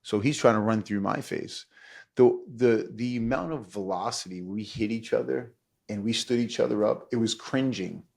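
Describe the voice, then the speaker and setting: A man's voice: lowish voice, moderate pace, creaky, a little mellow. A middle-aged man, a former pro football player, telling stories animatedly in casual conversation and laughing as he goes.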